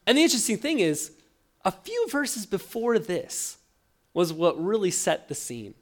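A man preaching a sermon, telling the story with lively acted-out quotes and frequent stammered restarts. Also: sits high, measured pace. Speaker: pastor.

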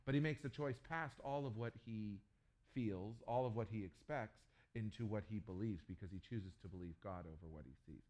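Man preaching an animated sermon. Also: on the low side, brisk. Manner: animated storytelling with jokes and sudden loud bursts. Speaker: pastor.

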